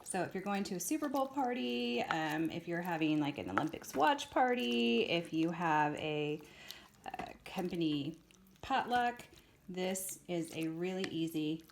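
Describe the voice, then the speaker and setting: A woman hosting a casual home cooking demonstration. She talks viewers through each step in a relaxed, chatty way. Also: fairly low pitch, measured pace, creaky. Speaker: cooking show host. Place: home kitchen. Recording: echoey kitchen, distant mic, background noise.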